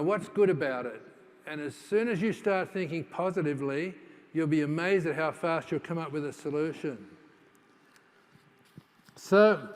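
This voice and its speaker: A keynote speaker with a slightly high voice tells his story to a live audience in a loose, conversational style packed with "uh"s and restarts. He acts out the voices of people in the story, and a long reverb from the large conference hall surrounds his voice.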